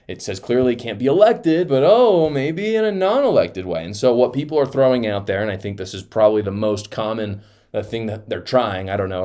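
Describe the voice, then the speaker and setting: A man's voice: lowish voice, a little mellow. Heated male political commentator. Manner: heated, emphatic, sarcastic mimicry. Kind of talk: reaction commentary.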